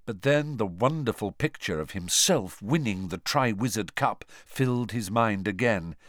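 A man narrating an audiobook with expressive storytelling, shifting voices for the characters. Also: fairly low pitch, dry recording, studio quality.

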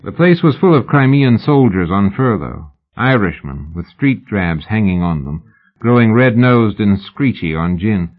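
Low-voiced man narrating an audiobook. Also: very animated, a little slow. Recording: phone-like narrow band.

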